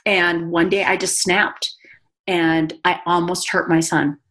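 A woman's voice: lowish voice, little pitch movement, takes it slowly, a bit bright. A woman guest giving an earnest, emotional personal testimony in conversation, a mother speaking about her life. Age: adult mother.

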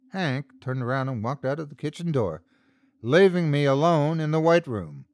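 A man's voice: on the high side, animated, moderate pace, a little mellow, no room sound. A man narrating a scripted first-person horror story as podcast host, telling it dramatically.

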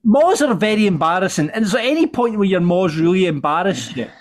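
High-voiced man hosting segments. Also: big pitch swings, brisk. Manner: steering segments, chuckling. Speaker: podcast host. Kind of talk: casual chat.

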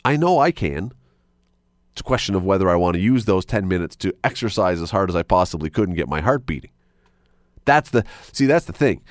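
A man's voice: deep voice, fairly quick, no echo, studio quality. A man hosting a radio talk show, rambling and correcting himself as he talks. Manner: animated, rambling, self-correcting. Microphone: studio microphone.

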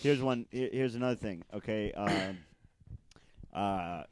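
A man improvising a comedy bit, deadpan, trailing off with fillers. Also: lowish voice, measured pace, clear, resonant tone.

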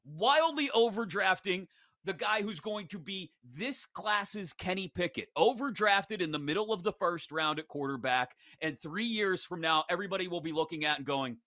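Animated, joking sports betting host. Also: male voice, high-pitched, normal speed. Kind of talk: casual sports talk.

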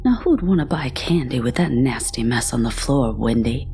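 A woman's voice: rumbling low, lively intonation, moderate pace, mellow, slight background noise. A woman voicing an eager, coaxing male candy shopkeeper in a storybook reading. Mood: menacing. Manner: coaxing, wheedling.

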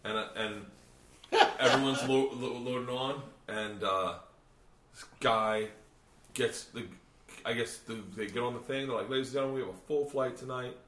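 A man's voice: mid-range voice, steady tone, normal speed, a bit bright. A man hosting a casual chat among comedians, telling a profane, rambling story. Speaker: podcast host. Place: hotel room. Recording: echoey room.

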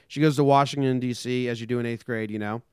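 A young man chats and jokes on a podcast, slipping into quick voices for the people in his stories. His voice is smooth and clear, recorded close and dry with no room sound. His pitch sits in an ordinary middle range. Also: fairly even intonation, a little mellow, no echo. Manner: jokey storyteller, acts out quoted people. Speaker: podcast co-host. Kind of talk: casual chat.

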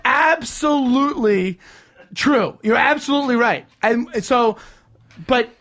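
A man co-hosting a podcast, talking in a casual, excitable way, swearing and laughing as he retells scenes. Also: extremely high pitch, takes it slowly. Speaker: podcast host. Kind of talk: casual chat.

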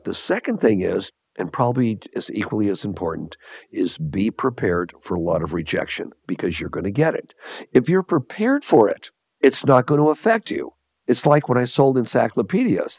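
A man's voice: lowish voice, slightly rough, no echo, studio quality. An older man from Los Angeles, a guest entrepreneur telling stories in an interview and acting out the dialogue of the people in them. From Los Angeles, USA. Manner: animated anecdotes with lively quoted dialogue. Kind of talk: storytelling interview answers.

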